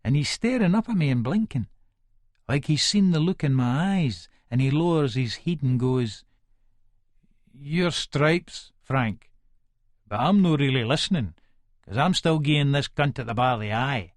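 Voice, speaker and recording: A man's voice: mid-range voice, lively intonation, a little slow, dry recording, clean studio sound, lightly acted. A man with a Scottish accent playing a violent, menacing middle-aged hard man, narrating an audiobook in the first person with coarse, swearing speech.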